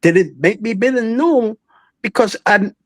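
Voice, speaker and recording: A man's voice: high-pitched, measured pace, no room sound. A man in his eighties, a veteran singer guest, telling stories in an interview, acting out voices and laughing often. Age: 80s. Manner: animated storyteller, acts out voices, laughs often. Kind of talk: storytelling interview.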